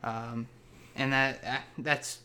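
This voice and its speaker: A man's voice: mid-range voice, fairly even intonation, slow pace, bright, forceful tone, clear, resonant tone. A man co-hosting a casual tech podcast, talking with hesitations and restarts as he thinks aloud. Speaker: podcast co-host, retail worker.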